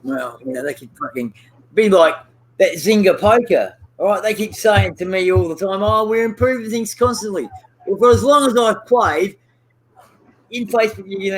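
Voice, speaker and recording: A man's voice: sits high, low-quality recording. A man chatting casually on a livestream, rambling and ranting with constant swearing. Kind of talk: casual chat.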